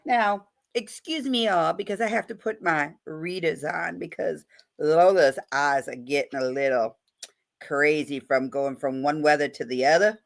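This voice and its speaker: A woman's voice: low voice, a little slow, creaky. A woman hosting a live stream in a chatty, playful way, greeting viewers by name. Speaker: livestream host. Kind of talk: casual live-stream chat.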